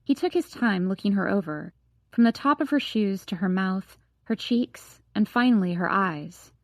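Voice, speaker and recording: A woman narrating a young adult novel as an audiobook reader, in an even storytelling manner. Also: mid-range voice, moderate pace, no room sound, studio quality. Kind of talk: scripted narration.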